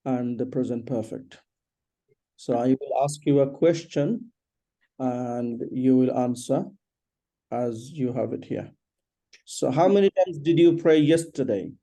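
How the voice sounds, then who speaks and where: Man, English teacher, patient drill questions, deep dark mellow tone. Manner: patient, repeats questions, explains slowly. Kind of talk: one-on-one English lesson drill.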